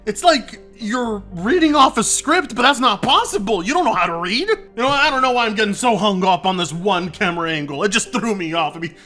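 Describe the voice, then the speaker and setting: A man's voice: sits high, animated, a little fast, few pauses, sharp tone, faint music behind. A man doing sarcastic, mocking reaction commentary on a video clip. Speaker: commentary YouTuber.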